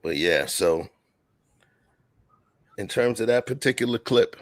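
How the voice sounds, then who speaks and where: A man's voice: on the low side, animated, a little slow, no room sound. A man co-hosting a talk show, giving emphatic, slangy commentary in a casual chat. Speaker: podcast co-host.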